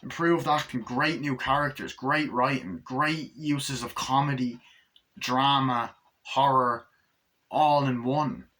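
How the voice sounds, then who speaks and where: Man, movie reviewer, rambling casual talk, lots of filler words, bright tense tone. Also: mid-range voice, steady tone, slow. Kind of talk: casual plot recap and review.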